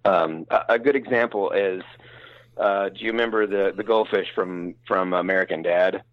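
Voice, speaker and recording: A man's voice: sits low, fairly even intonation, moderate pace, dry recording, muffled recording. A man talking frankly in a casual interview, rambling and self-deprecating with many restarts. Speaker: voice actor guest.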